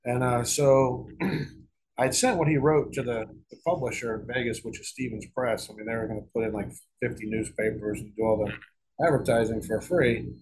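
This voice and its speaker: A man's voice: mid-range voice, steady tone, normal speed, a little mellow, breathy edge, rough recording. A middle-aged man telling a long story in a casual interview, rambling and profane, with frequent restarts and repeated words. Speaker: guest author.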